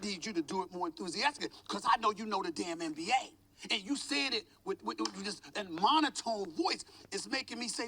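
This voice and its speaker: A man with a very high, piercing voice rants with theatrical exasperation. He throws emphatic questions at his fellow panelists as a studio sports analyst. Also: quick pace, vocal fry, a little hiss or hum. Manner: animated, ranting, emphatic. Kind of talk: heated sports debate.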